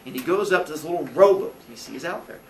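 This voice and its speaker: A young male teacher telling a story to his class in a playful, animated way, acting out the characters. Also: a little high, fast, recorded from a distance. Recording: echoey classroom, faint noise.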